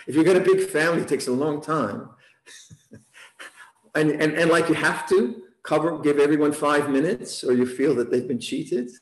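A man teaching meditation in a relaxed dharma talk, chuckling often and repeating words as he gathers his thoughts. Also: on the high side, normal speed, roomy sound, rough recording. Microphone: online session.

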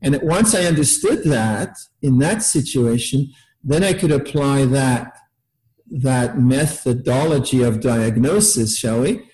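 A man's voice: mid-range voice, a little slow, a little mellow, rough recording. An older man giving a casual meditation talk, laughing often, repeating words and acting out little quotes in a raised voice. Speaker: meditation teacher. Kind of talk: dharma talk.

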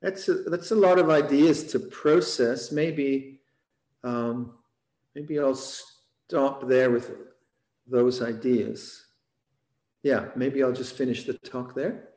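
A man teaching meditation in a relaxed dharma talk, chuckling often and repeating words as he gathers his thoughts. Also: medium pitch, takes it slowly, roomy sound, rough recording. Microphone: online session.

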